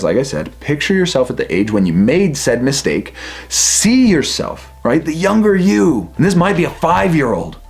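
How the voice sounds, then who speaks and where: A man, a life coach, giving a self-help talk and gently guiding the listener through an exercise. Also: mid-range voice. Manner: gentle, earnest, speaks directly to the listener.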